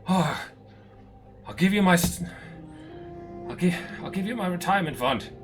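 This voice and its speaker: A man voicing a frightened young woman thief who stammers out her pleas. The voice is pitched higher than his own and has a bright edge. It comes from a tabletop game with faint music behind it. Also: normal speed, close to an everyday voice. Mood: terrified. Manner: pleading, stammering. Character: terrified young woman thief begging for mercy.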